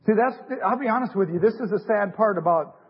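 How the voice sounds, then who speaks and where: High-voiced husky excited male preacher. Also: fast talker. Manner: excitable, repeats "hey, listen" and "you know what". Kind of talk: fervent sermon. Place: church sanctuary. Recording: echoey hall, muffled lo-fi recording.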